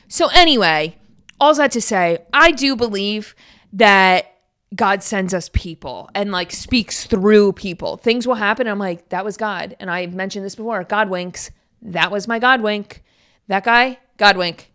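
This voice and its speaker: Brief: young woman podcast host, middle-pitched, chatty and rambling, animated storyteller. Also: measured pace, clean tone. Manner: animated, jumps in pitch when excited. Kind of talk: casual chat.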